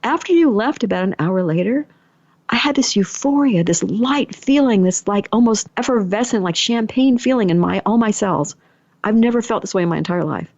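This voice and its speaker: A middle-aged woman hosts her own podcast, sharing personal stories in a relaxed, chatty way. She slips into the voices of the people and thoughts she quotes, with a pitch that sits in the middle for a woman. The recording is dry and a little dull, with no room sound. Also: moderate pace, dry recording. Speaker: podcast host and energy healer. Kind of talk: casual personal storytelling.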